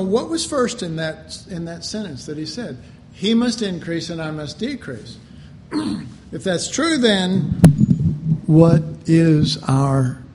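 A man preaching a sermon, slow and deliberate, with animated asides. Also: a little high, slight background noise. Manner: slow, deliberate delivery with animated mock voices and laughter.

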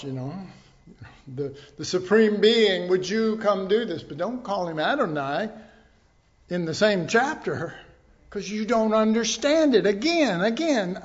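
A man's voice: high voice, lo-fi sound. A man teaching a sermon in a conversational way, with asides and rhetorical questions to his congregation. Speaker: pastor.

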